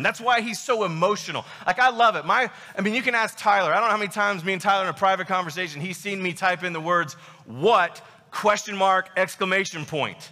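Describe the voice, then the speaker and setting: A man's voice: high voice, bright, forceful tone, big-room sound. A man preaching a sermon as pastor, emphatic and emotional, full of rhetorical questions.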